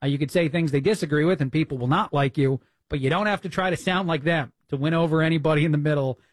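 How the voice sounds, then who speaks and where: A man hosts a talk radio show from a dry, close studio mic, his voice sitting a bit high for a man. He rants indignantly with many "uh" fillers and quick restarts. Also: no echo. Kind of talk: opinionated talk radio monologue.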